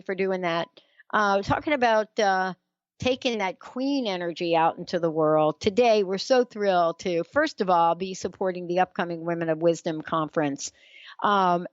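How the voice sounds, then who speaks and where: A woman's voice: mid-range voice, no echo, dull audio. A woman with a New York accent hosting a talk radio interview, enthusiastic and chatty, laughing easily. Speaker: radio show host.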